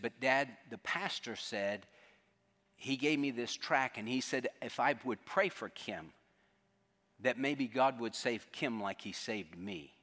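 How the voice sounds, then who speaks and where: A man preaching a sermon, telling a story earnestly and dropping to a hushed tone for quoted lines. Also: medium pitch. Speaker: pastor. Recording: long reverb of a large hall.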